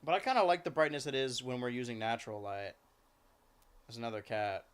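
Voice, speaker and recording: A male streamer in easy, rambling chat, with a voice of middling pitch. He drifts between remarks and affectionate, sing-song talk to his cats. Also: brisk, smooth. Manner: chatty, coos and baby-talks to his cats. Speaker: live streamer.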